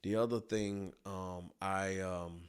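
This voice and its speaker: A man and business owner telling a personal story in a colloquial, animated storytelling way. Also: sits low, takes it slowly, clear, resonant tone. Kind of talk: storytelling talk.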